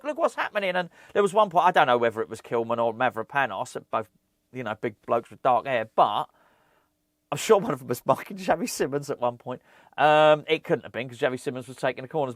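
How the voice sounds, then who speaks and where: A man talking casually as a fan channel host, animated and ranting, often repeating words. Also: mid-range voice, dry recording, clean studio sound. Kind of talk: casual football chat.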